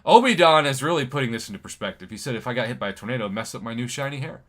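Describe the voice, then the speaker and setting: Brief: male game streamer, middle pitch, bright tone, jokey and chatty live-stream banter. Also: lively intonation, rapid-fire. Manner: jokey, chatty, reads viewer comments aloud. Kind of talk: casual live-stream chat.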